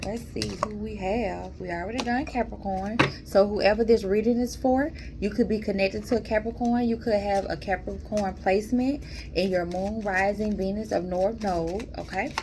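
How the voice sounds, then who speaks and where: A woman giving a casual tarot reading, talking to her viewers in a calm, mellow, chatty way and calling them y'all. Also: medium pitch, normal speed, background noise. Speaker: tarot reader.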